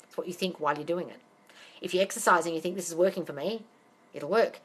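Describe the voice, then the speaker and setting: A woman's voice: on the low side, fast, husky. A woman answering questions on a live stream as a manifestation coach. She is blunt and swears freely, and she calls her listeners darling. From not American.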